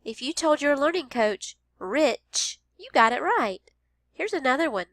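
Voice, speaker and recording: A woman teaching a phonics lesson to young children, speaking slowly and sounding out each word with care. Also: sits high, very animated, fairly bright tone, no echo, studio quality. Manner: slow, careful, over-enunciated.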